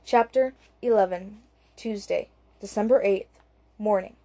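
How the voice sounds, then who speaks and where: A woman narrating a thriller audiobook in a calm, even storytelling manner. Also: mid-range voice, a little slow. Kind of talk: scripted narration.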